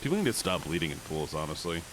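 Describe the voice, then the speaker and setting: In a very deep voice, a young man streams gameplay and chats casually, joking with viewers, reacting to chat, and often putting on silly voices. He is very animated and talks fast against a noisy background.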